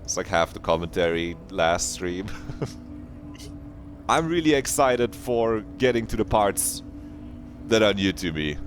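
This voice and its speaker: A man's voice: lowish voice, expressive, slow, pauses often, faint music behind. A young man streaming a video game, chatting casually and rambling with jokes and swearing. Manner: joking, rambling, swears, slips into silly voices. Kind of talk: casual gameplay commentary.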